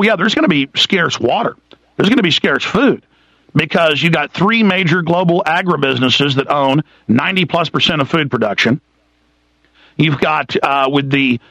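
A man hosting a political talk radio show, delivering an intense, ranting monologue full of lists and rhetorical questions, slowing down to hammer words. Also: fairly high pitch, creaky, sharp tone, no room sound, poor audio.

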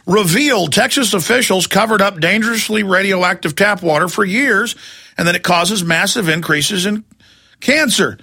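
A man hosting a talk radio show, delivering an angry, sarcastic rant that often breaks into shouting. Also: sits high.

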